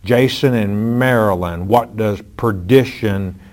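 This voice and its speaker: A man answering listeners' Bible questions in a firm, measured, plain-spoken way. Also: on the low side, a little mellow.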